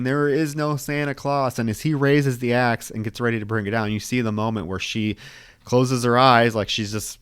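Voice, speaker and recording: A man co-hosting a podcast, walking through a film plot in a smooth, resonant voice. The sound is dry and close, with no room echo, and his tone runs blunt and heated. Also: medium pitch, fairly bright tone. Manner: recapping scenes, blunt and heated. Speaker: podcast co-host. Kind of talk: casual film discussion.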